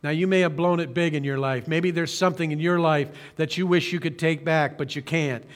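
High-voiced male pastor preaching earnestly. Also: steady tone. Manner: earnest preaching with slow emphatic phrasing and occasional restarts. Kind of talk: sermon. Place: church streaming service.

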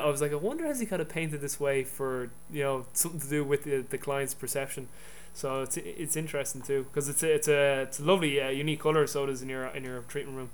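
Fast-talking man with a smooth voice. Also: on the high side, a bit bright. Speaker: podcast host. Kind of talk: casual interview talk.

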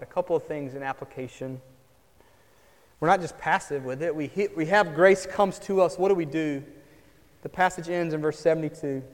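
Pastor guy preaching, pretty high voice, goes from hushed to punchy, long church echo. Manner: earnest, swings from hushed to emphatic. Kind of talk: sermon. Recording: long hall reverb.

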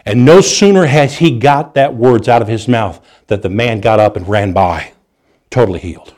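A man preaching a sermon, telling stories with animated delivery, restarts and chuckles. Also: medium pitch, normal speed.

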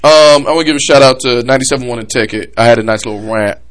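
A man's voice: medium pitch, very fast. A man hosting a podcast, delivering a heated, comedic rant about sports coverage with lots of energy. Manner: animated, heated ranting. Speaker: podcast host.

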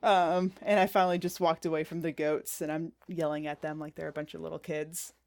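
A woman's voice: low-pitched, level tone, fairly quick, no echo. A woman from New Hampshire, a podcast guest, telling stories in a casual, chatty way that leans on fillers like "like" and "um.". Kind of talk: casual storytelling.

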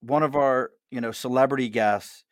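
A man's voice: medium pitch, steady tone, moderate pace, dry recording, studio quality. A middle-aged man with a Mid-Atlantic accent, hosting a casual chat at a bar, jokey and chatty with frequent laughs. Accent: Mid-Atlantic American. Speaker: host.

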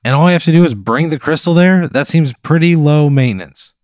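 A man's voice: a little high, fairly quick, a little mellow, dry recording, studio quality. A man in a casual comedy chat, answering in short, exasperated replies. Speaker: podcast co-host answering a hypothetical.

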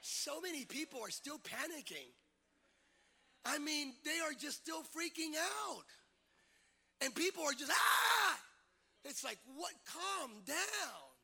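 A male preacher delivering a sermon to a congregation in church, using rhythmic repetition that builds to shouted climaxes. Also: extremely high pitch, slow pace, vocal fry. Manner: energetic, animated. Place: church service before a congregation.

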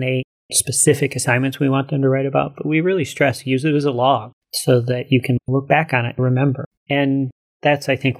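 A male college instructor calmly explaining the course he co-teaches, in a measured conversational way. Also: medium pitch. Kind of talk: casual conversation.

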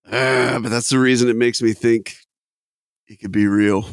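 A man's voice: mid-range voice, steady tone, measured pace, no room sound, studio quality. Joking man thinking aloud. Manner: jokey, thinks aloud, acts out scenes. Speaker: contestant. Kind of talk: casual podcast banter.

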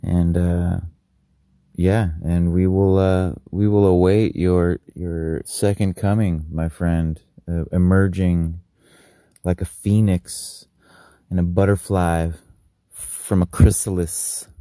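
A man with a very low, dark voice talks casually and jokingly, encouraging a friend. His tone stays flat. The recording is dry and close. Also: slow, no room sound. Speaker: friend sending a message.

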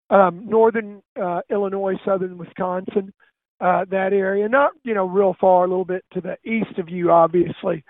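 A man hosting a casual hunting talk show, telling a hunting story in an animated way. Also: sits high, dry recording. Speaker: radio show host. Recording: phone-line, dry and tinny.

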